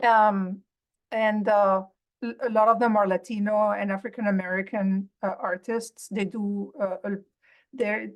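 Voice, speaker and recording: Halting woman describing a fundraiser. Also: mid-range voice, little pitch movement. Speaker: fundraiser organizer. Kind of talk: casual meeting update. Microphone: video call.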